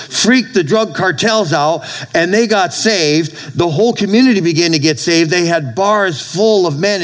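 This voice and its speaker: Male pastor preaching; slightly raised pitch, emphatic delivery with repeated lines and amen calls. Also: low-quality recording. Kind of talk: sermon.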